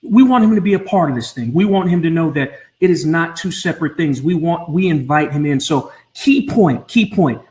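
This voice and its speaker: A man's voice: a little high, expressive, normal speed, hardly any pauses, darkish tone. A man coaching blended families on a live stream from home, speaking earnestly and often repeating his words. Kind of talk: Facebook Live talk. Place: home room. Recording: roomy echo.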